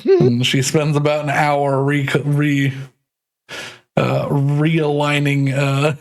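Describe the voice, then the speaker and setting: Game master guy narrating slowly, kinda halting, chuckles in between. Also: a little high, fairly even intonation. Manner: unhurried, halting narration with laughs.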